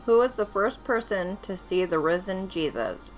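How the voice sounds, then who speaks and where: A woman hosting a casual livestream Bible quiz, reading multiple-choice questions slowly and chatting between them. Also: mid-range voice, lively intonation, soft background music. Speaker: livestream host running a Bible trivia game.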